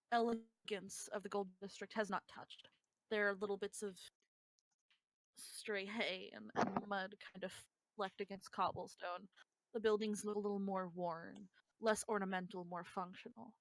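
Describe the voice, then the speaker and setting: A woman running a tabletop game as game master, calmly describing the scene to her players. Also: medium pitch, measured pace, no room sound, low-quality recording.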